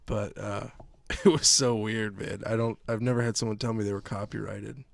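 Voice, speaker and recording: A man co-hosting a casual podcast, telling stories in an animated way with a lot of swearing. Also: fairly low pitch, normal speed, gravelly, no echo. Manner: profane, animated storyteller. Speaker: podcast co-host. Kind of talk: casual chat. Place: remote recording, like a video call.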